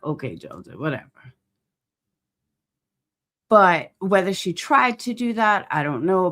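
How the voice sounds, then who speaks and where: A woman with a slightly low voice hosts a casual stream, and her pitch jumps around a lot as she talks. She rambles bluntly, swears freely and keeps losing her word mid-sentence. She stops now and then to greet people in the chat. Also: fairly bright tone. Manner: rambling, blunt and profane, gropes for words; reads and greets chat viewers. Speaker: livestream host.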